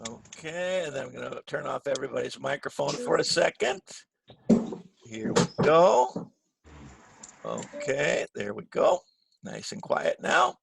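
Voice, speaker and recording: A man's voice: fairly high pitch, wildly swooping pitch, a little slow, creaky, heavy background noise. A middle-aged man teaching an online English grammar class over a video call, checking in with the students often. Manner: patient, checks in with "right?" often.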